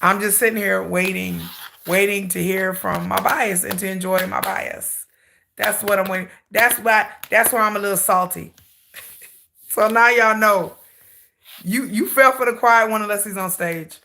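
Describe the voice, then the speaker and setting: Woman k-pop youtuber ranting on her live, gravelly, bright, all drama and sass. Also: mid-range voice, moderate pace, slight background noise. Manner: animated, dramatic storytelling with salty humor. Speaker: K-pop YouTube channel host. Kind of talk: casual livestream rant.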